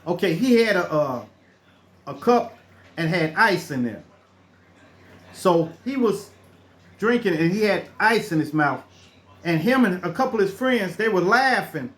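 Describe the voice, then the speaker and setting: A man's voice: sits high, expressive, a little slow, pauses often, a bit bright. A middle-aged man telling true stories in a casual, rambling way, restarting his sentences and acting out the people in them. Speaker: storyteller. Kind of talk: casual spoken storytelling.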